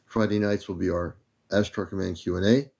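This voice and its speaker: An older man from the United States hosts a laid-back livestream, welcoming viewers by name in an easy, unhurried way. His voice is very low and dark, and mellow in tone. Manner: relaxed, greets viewers by name. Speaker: livestream host. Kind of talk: casual livestream greetings.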